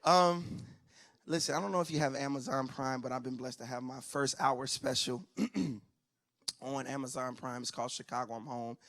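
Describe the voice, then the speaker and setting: A man doing stand-up comedy on a church stage, telling family stories and acting out relatives in loud, high voices. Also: normal speed. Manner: animated storyteller who acts out family members in loud high voices. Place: church stage before a live audience.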